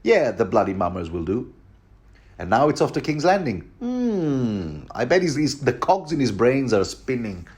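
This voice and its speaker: A man voicing a creepy, soft-spoken older male healer with an oily, insinuating manner. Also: medium pitch, big pitch swings, moderate pace, lightly acted. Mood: scheming.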